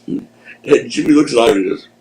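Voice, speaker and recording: A man's voice: medium pitch, fairly quick, darkish tone, rough recording. A man in his sixties from Philadelphia, a podcast guest telling stories in a laid-back way, laughing at his own tales and swearing freely. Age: 60s. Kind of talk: casual storytelling in a podcast interview.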